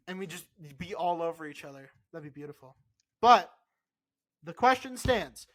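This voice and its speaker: Animated, insistent man podcast co-host. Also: high voice, moderate pace. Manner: animated, insistent, swears freely. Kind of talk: casual podcast chat.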